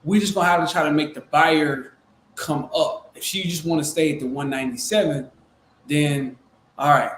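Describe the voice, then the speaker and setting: A man casually recounting a business deal and acting out the quotes in an animated way. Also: moderate pace. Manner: animated, acts out quotes in a high excited voice. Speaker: real estate wholesaler. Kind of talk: casual storytelling chat. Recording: echoey room with faint noise.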